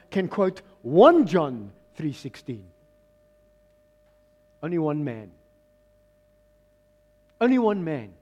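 Animated South African pastor preaching. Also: male voice, high-pitched. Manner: lively, coaxing call-and-response with the congregation. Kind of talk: sermon.

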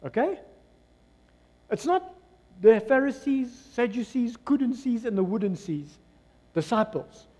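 This pastor, a man with a South African English accent, delivers his sermon in a high voice that rises from quiet murmurs to booming peaks. He dramatizes doubters and crowds in their own voices, and the church hall wraps everything in long reverb.

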